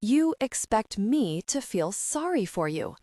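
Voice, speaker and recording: A woman's voice: on the high side, big pitch swings, slow, dark tone, no echo, studio quality, voice pushed up. A woman voicing a sarcastic, clipped male bank manager in an audiobook. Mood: cold, sarcastic. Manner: scathing, clipped.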